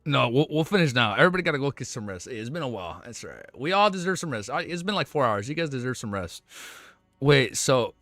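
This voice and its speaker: A man's voice: medium pitch, sing-song, quick pace, a bit bright, no echo. A male streamer reads a novel aloud, trips over words and rereads them, then reacts with loose, emotional swearing. His voice sounds worn, with a dry close sound and faint music underneath. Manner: stumbles and rereads lines, emotional, swears casually. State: voice getting worn.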